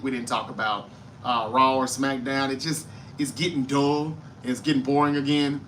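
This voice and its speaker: A man hosting a casual livestream sports talk show, giving opinions in an animated way and reading viewer comments aloud. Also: fairly high pitch, a little hiss or hum.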